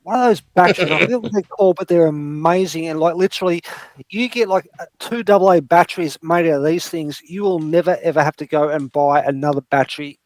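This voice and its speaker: A man with a fairly high voice rambles through a casual late-night stream chat. He swears freely and restarts his sentences. His voice sits close and dry, with no room around it. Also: fast, dry recording. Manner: rambling, crude, trailing restarts. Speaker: panel host.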